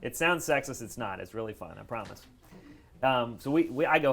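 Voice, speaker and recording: A middle-aged man telling stories to a live audience at a care event, animated, jumping up in pitch when he quotes people. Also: a little fast, creaky. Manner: lively storyteller, voices quotes with big pitch jumps. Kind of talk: storytelling talk to a live audience. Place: event room near train tracks.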